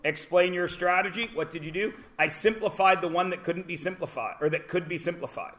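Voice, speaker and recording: A man's voice: sits high, fairly quick, a bit bright. Canadian man teaching a math class. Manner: chatty, asks the class questions and answers them himself.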